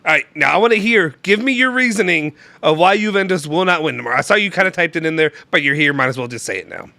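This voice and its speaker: A young man hosts a loose, joking stream chat, rambling through restarts. His voice is bright and swings widely in pitch. It sits close and dry on the mic. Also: animated, quick pace, gravelly, no room sound. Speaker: show host. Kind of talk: casual live-stream chat.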